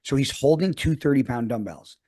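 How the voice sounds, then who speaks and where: This man, in his forties and speaking at a medium pitch, talks briskly as a podcast co-host. Telling a story in casual chat, he's animated and heavily profane, swearing all the time.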